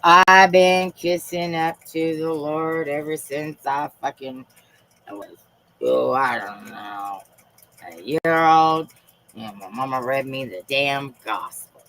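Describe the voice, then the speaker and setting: A woman's voice: extremely low pitch, slow pace, fairly bright tone, slight background noise, poor audio. A woman hosting a live stream, talking in a rambling, profane and fervent way. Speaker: livestream host.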